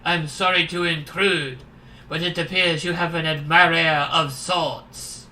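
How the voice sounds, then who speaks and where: A streamer voicing a polite male vampire bartender with a put-on French accent, slow and formal. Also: mid-range voice, steady tone, bright, forceful tone. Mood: courtly. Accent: fake French. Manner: courteous, formal and measured. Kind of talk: game dialogue read aloud by a streamer.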